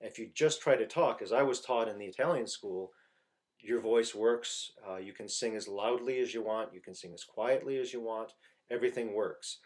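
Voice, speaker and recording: A man giving an informal singing lesson, explaining slowly and haltingly and breaking into loud sung phrases to demonstrate. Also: fairly low pitch. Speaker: voice teacher.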